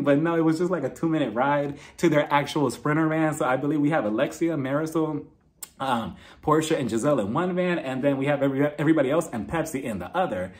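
A man giving a casual, chatty recap of a reality-TV episode, animated and laughing often. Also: a little high, a little fast.

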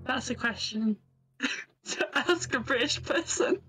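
A woman with a high voice joins a stream call as a guest and plays along with deadpan, teasing replies. She sounds like she is on a video call, with faint music underneath. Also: slow. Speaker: guest presenter. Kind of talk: casual banter on a stream call.

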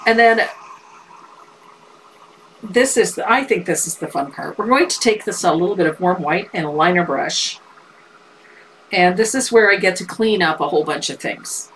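A woman's voice: on the low side, lively intonation, moderate pace, long pauses, fairly bright tone, slight background noise, poor audio. A middle-aged woman teaching a live painting lesson, explaining steps in a playful, teasing way with frequent laughter. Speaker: painting instructor.

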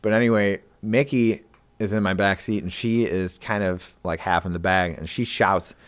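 A man's voice: deep voice, fairly even intonation, moderate pace. A man from upstate New York, co-hosting a podcast, tells a rambling story in casual chat with lots of fillers and swearing. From Lewiston, New York. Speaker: podcast co-host.

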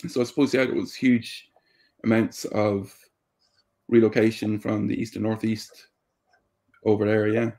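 A young Irish man from Drogheda, speaking as a guest in a relaxed interview. His voice sits fairly low and stays flat in pitch. He explains things at length, pausing often with ums. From Ireland. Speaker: podcast guest. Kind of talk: casual interview chat.

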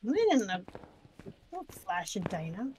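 A woman's voice: mid-range voice, very animated, a little slow, crowd noise, rough recording. A woman in her forties on a stream's voice chat, sassy and dismissive as she banters. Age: 40s. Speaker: co-player on stream. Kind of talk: casual voice chat.

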